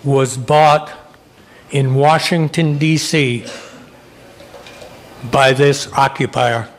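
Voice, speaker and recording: A man's voice: mid-range voice, steady tone, extremely slow, slight background noise. A man with a New Jersey accent leading a public debate in a restaurant meeting room, folksy and joking with the audience.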